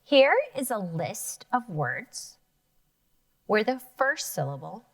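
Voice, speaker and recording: A woman teacher giving a phonics lesson to children, slowly and clearly stretching out sounds and spelling letters. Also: mid-range voice, sing-song, dry recording, distant mic. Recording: dry sound, voice a bit off the mic.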